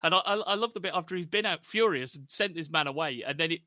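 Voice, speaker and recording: A man co-hosting a casual podcast, animated as he recaps a TV episode and acts out lines. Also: fairly high pitch, quick pace, no room sound, clean studio sound. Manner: animated, acts out characters' lines when retelling. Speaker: podcast co-host.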